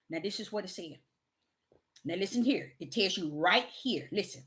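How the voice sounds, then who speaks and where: A middle-aged woman preaching a sermon, moving from hushed storytelling to loud, emphatic exhortation. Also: medium pitch, animated, normal speed.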